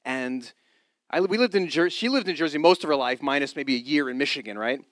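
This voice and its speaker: A middle-aged man from New York preaching a sermon with personal testimony. He swings from loud emphatic lines to hushed ones and drops joking, self-deprecating asides. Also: on the high side, animated, a little fast, no room sound.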